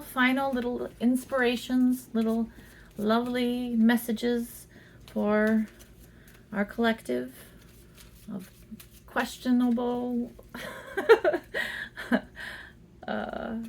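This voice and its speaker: A woman giving a casual tarot reading at home, chatty and giggly, talking fondly to the cards. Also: medium pitch. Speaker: tarot reader. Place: indoors at home.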